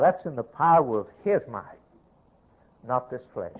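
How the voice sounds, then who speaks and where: Male pastor, deliberate sermon delivery, emphatic with sharp loud-soft swings, narrow phone-like sound. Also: medium pitch, big pitch swings. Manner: emphatic, swings between loud declarations and quiet asides. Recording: tinny, narrow-band old sermon recording.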